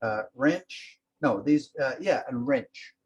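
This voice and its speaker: A man teaching a language lesson, explaining words slowly and calling out each one with emphasis. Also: medium pitch, expressive, husky, highs cut off. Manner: slow and explanatory, sounding out each word with emphasis.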